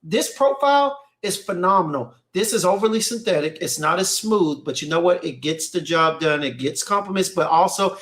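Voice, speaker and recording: High-pitched man in casual podcast chat. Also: moderate pace, few pauses. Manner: animated, repeats "you know what I'm saying". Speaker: podcast co-host.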